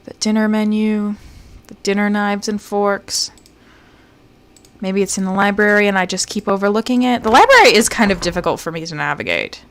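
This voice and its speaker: This woman's voice sits mid-range with a moderate pace and a fairly bright tone. She's a streamer playing a game live, playfully talking to herself while she searches, and now and then she slips into a jokey mock-British phrase.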